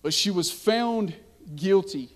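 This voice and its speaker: High-voiced pastor preaching. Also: male voice, expressive, slow, big-room sound. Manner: builds from quiet storytelling to impassioned preaching. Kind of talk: sermon, storytelling. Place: church sanctuary.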